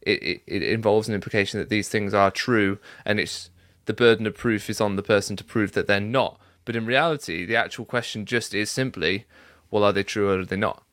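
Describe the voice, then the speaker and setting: A man in a casual discussion over a video call, analytical and halting. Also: on the low side, steady tone, a bit bright, no echo, studio quality. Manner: analytical, halting, restarts often. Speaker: podcast co-host.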